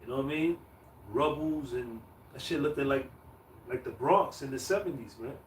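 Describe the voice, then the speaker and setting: A man's voice: medium pitch, moderate pace, slight background noise. A man reading scripture aloud and talking it over loosely, full of fillers. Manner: loose, filler-heavy, reads verses aloud. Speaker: scripture reader. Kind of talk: casual street preaching. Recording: echoey, distant mic, faint ambience.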